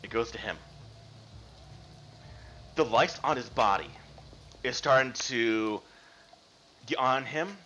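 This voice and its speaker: A man running a tabletop game as game master over a video call, narrating and explaining the rules in an animated way. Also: medium pitch, takes it slowly, pauses often, a little hiss or hum. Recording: dull lo-fi mic.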